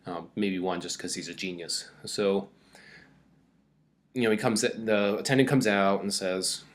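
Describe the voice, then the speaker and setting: A man's voice: low-pitched, steady tone, a little slow. A man teaching a casual recorded mini-lecture, talking loosely with many fillers and reading quoted passages aloud with more energy.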